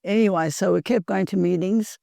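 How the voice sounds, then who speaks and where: A woman earnestly shares her own recovery story as a guest, speaking plainly. Her medium-pitched voice is creaky and mellow, fairly quick, and recorded at studio quality with no echo.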